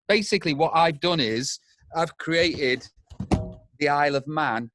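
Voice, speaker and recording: A man's voice: a little high, measured pace, fairly bright tone, no room sound, studio quality. A man in his forties with an English accent, chatting casually and swearing freely as a guest over a video call. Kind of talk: casual chat.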